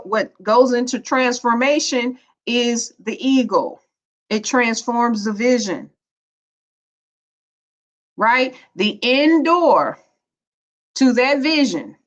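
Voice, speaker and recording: A woman, giving a spiritual teaching talk in a playful, preachy, colloquial way. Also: a little high. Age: 50s. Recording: dull lo-fi recording.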